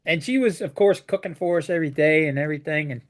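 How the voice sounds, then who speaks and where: A man's voice: fairly high pitch, fast. A man who works as a flooring contractor, telling job stories in a casual chat and restarting his sentences often. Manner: storytelling with frequent restarts.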